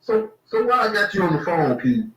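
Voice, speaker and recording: A man's voice: sits high, sing-song, brisk, lo-fi sound. A man hosting a casual, profane chat, rambling through stories and asking questions. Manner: laid-back, rambling, asks questions. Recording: roomy echo, distant mic.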